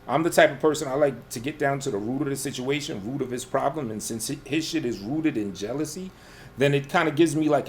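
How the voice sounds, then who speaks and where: A man's voice: medium pitch, a little hiss or hum. A man in casual radio chat, profane and self-assured, defending himself and brushing off a rival's roast. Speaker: guest under roast.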